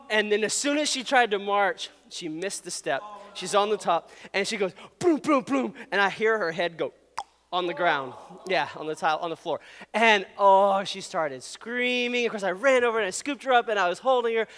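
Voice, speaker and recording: Animated high-voiced man preaching. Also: smooth, big-room sound. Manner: animated, conversational, jokey. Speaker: youth pastor. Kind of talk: sermon. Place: church hall.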